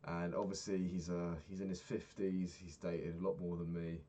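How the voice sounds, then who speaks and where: A man's voice: low voice, level tone, normal speed, dark tone, slight background noise. A young man talking through his day in a candid, rambling diary vlog, swearing freely. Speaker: vlogger.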